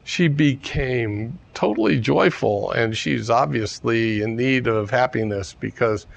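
A man's voice: mid-range voice, unhurried, vocal fry. A man telling a teaching story in a casual, digressive way with chuckling asides. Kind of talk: storytelling dharma talk.

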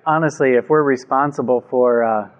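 A man giving a calm, measured talk on meditation to a group, speaking into a microphone. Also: mid-range voice, muffled recording. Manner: calm, measured, gently reflective. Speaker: meditation teacher. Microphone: microphone before a group.

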